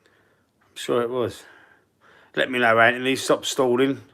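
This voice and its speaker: A man's voice: mid-range voice, little pitch movement, unhurried, vocal fry, pushed and bright. A man with a Cockney London accent, chatting casually and rambling on a live football fan stream, reading out the chat.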